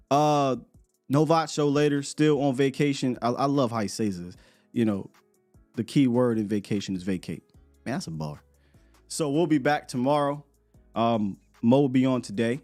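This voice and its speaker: A man hosting a live morning sports show, talking in an animated, rambling way and laughing often. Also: mid-range voice, normal speed, faint music behind. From United States.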